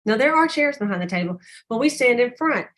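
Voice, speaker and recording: An older woman leading a sales team call, telling stories animatedly and acting out customers' lines in a higher voice. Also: fairly quick. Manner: animated storyteller, acts out customer dialogue in a higher voice.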